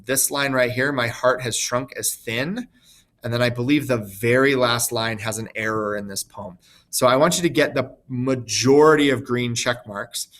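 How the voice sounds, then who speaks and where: A man teaching a recorded online lesson while demonstrating on screen, relaxed and informal with frequent ums. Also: mid-range voice.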